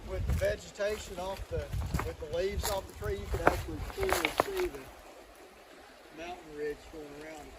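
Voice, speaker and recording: A man's voice: sits high, moderate pace, very noisy. A man with a Southern US accent, chatting casually and pointing out the scenery on a wooded hike. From Oklahoma. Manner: relaxed, drawling, points things out. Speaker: guest, fellow investigator. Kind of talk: casual outdoor chat. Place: outdoors in wooded mountains near a creek.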